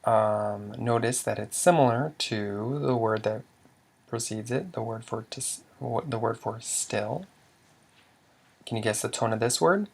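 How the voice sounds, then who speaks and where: A man's voice: mid-range voice, a little slow, gravelly. A man teaching a language lesson, patiently quizzing the listener and sounding out example words. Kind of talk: slow instructional explanation.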